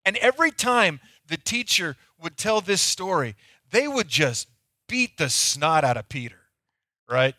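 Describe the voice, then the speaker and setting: A man preaches to his church with a bright, slightly high voice, swinging between loud, pleading bursts and hushed, close-to-whisper moments. The sound is dry and close. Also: sing-song, measured pace, dry recording. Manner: dynamic preaching, swinging from loud acted pleas to near-whispers. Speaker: pastor. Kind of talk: sermon.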